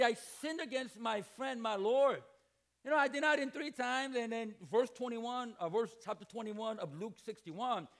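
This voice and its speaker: A middle-aged man preaching a sermon to a room of students. His voice sits high and swoops wildly in pitch. He acts out little scenes and bursts into shouts for emphasis. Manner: animated, acts out dialogue and jokes. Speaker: pastor. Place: church hall, preaching to students.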